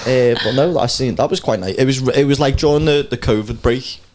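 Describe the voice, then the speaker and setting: A man's voice: mid-range voice, a little fast, a little mellow, slight background noise. Laid-back young man telling a story. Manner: rambling storyteller with a laid-back delivery and frequent fillers. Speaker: podcast co-host. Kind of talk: casual chat.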